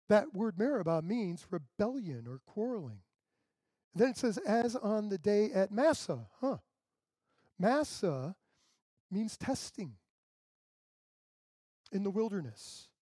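A man's voice: high-pitched, dark tone, no room sound. A male pastor preaching a sermon in a conversational way, acting out the people he quotes.

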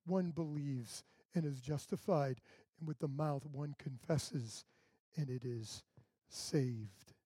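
A man's voice: sits high, a little mellow, no echo. A male pastor preaching a sermon in a conversational way, acting out the people he quotes.

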